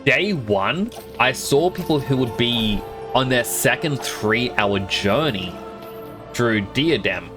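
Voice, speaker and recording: A young man telling a long gaming anecdote on a stream, slipping into quick voices for the other players he quotes. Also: medium pitch, animated, music in the background. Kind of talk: casual storytelling while gaming.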